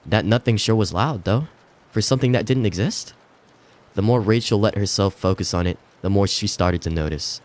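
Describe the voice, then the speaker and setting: A man's voice: lowish voice, normal speed, a little mellow. A man streaming himself reading scary stories aloud, with the odd slip and self-correction.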